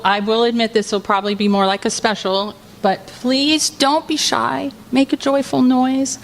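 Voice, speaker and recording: A woman leading the congregation in song, coaxing them to join in with an encouraging manner. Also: a little high. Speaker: music leader. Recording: loud guitar music behind. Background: guitar music.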